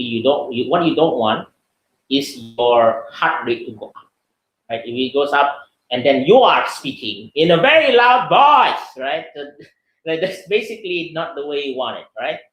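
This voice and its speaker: A man's voice: medium pitch, sing-song, normal speed, a bit bright. Chatty man lecturing in an echoey room. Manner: chatty, many fillers and "right?" tags. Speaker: webinar speaker. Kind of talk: casual lecture answering questions.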